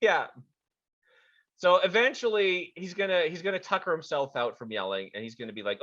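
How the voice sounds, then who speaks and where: A man narrating as game master of a tabletop game, animated with frequent restarts, in a dull lo-fi recording. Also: high voice, moderate pace.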